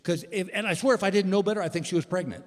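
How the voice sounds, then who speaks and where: A man's voice: high voice, racing. A man in his sixties doing stand-up, telling stories and talking to the crowd in a theater. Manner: storytelling, animated, addresses the crowd. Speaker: stand-up comedian. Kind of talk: stand-up comedy. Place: theater stage. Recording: long theater reverb, faint noise.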